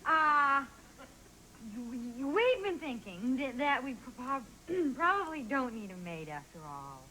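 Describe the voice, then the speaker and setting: An actress playing an earnest young roommate who stammers when flustered, in a sitcom. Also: female voice, sits high, sing-song, takes it slowly, pushed and bright, full character voice, rough recording. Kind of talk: sitcom acting. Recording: hissy old VHS tape.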